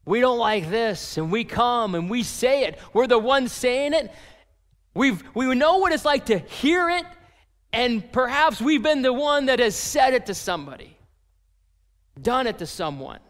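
A man preaching a sermon as pastor, animated and acting out the voices of people in his story. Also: extremely high pitch, a little slow, in a large hall.

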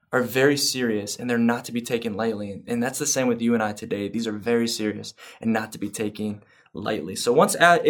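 Male pastor, mid-range voice, earnest sermon delivery with rising excitement. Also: medium pitch. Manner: earnest, building excitement, fillers like "um".

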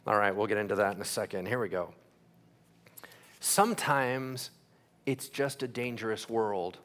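A man preaching a sermon as pastor, asking the crowd questions and acting out quick voices. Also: fairly low pitch, a bit bright.

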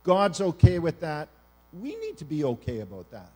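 A middle-aged man from Canada preaches a sermon in a fairly high voice. His delivery is animated, pushing some lines out loudly and dropping others to a near hush. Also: normal speed. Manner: animated preaching, swings between loud emphasis and hushed quiet. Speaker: pastor.

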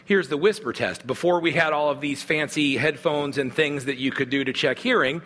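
Bright-voiced man preaching in a hall. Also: on the high side, moderate pace. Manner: earnest, conversational preaching with restarts. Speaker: pastor. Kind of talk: sermon.

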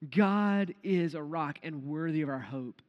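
Delivering a heartfelt devotional sermon, a high-voiced man drags his pace way down to emphasize important phrases. The recording is muffled, and his voice dies away in lengthy reverb.

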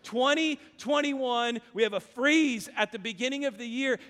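A middle-aged man preaching a sermon, telling stories and going hushed at the emotional moments. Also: very high-pitched, moderate pace, few pauses. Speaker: pastor. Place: large hall with reverb. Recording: reverberant hall.

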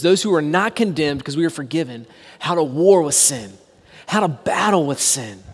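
A man preaching a sermon, emphatic, asking rhetorical questions and dropping to a hushed voice for quotes. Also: sits high, breathy edge, big-room sound. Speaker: pastor.

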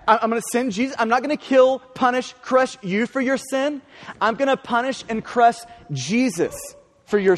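A man with a very high speaking voice delivers a sermon. His delivery is earnest and emphatic, with frequent stammered restarts. The sound carries a long reverb from a large hall. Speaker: pastor.

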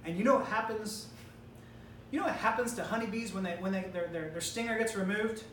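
Speaking a little fast at medium pitch, a woman preacher gives an emphatic, rhetorical sermon that confronts death head-on. There's a slight hiss or hum, and the audio comes from a distant mic in a roomy hall with faint ambience.

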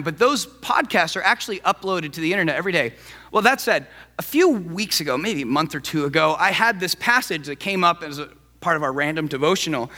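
Brief: male pastor, lively, high-pitched, chatty sermon in a reverberant church. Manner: animated, conversational preaching.

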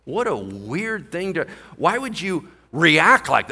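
A man preaching a sermon as pastor, animated and jokey, acting out the people in the story. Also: fairly high pitch, moderate pace, hardly any pauses.

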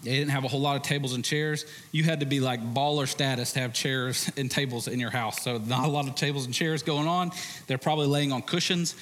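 A man's voice: mid-range voice, fairly even intonation, brisk, fairly bright tone, in a large hall. A man preaching a sermon as pastor, in a conversational style with joking asides.

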